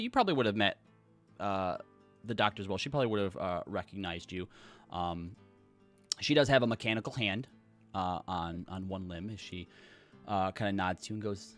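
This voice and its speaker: A man's voice: on the low side, normal speed, fairly bright tone, faint music behind. A man narrating as dungeon master, rambling with many fillers. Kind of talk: narrating a tabletop game.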